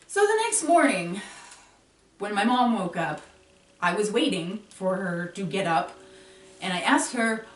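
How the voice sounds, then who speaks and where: A woman vlogger telling a spooky story to camera at home, animated, with dramatic pauses and laughs between lines. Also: medium pitch. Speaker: paranormal vlogger. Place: room at home. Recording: roomy room, from a distance.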